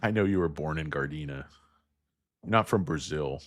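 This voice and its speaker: Casting note: very low-pitched male host, crude and self-deprecating, rambles off topic, close dry mic. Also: normal speed, pauses often, dry recording. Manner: crude, self-mocking, riffs into jokey tangents; rattles off stock moves in a flat list. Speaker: stock market show host. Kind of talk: rambling casual market chat.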